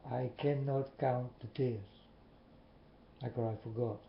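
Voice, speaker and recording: Slow-speaking man, echoey room. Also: medium pitch, fairly even intonation, gravelly. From Netherlands. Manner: slow, repetitive, earnest questioning. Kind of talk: slow earnest monologue to viewers. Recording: muffled, echoey room with faint hiss.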